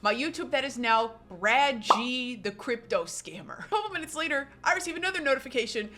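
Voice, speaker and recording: A woman's voice: high-pitched, animated, fairly quick, bright, forceful tone. A young woman telling a story on her vlog, dramatic and self-mocking, acting out her own panicked lines.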